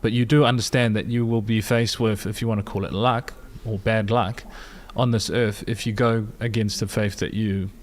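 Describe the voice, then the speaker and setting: A male panelist on a casual podcast, making measured arguments with frequent restarts. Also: on the low side, level tone. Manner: measured, builds arguments from data with many restarts.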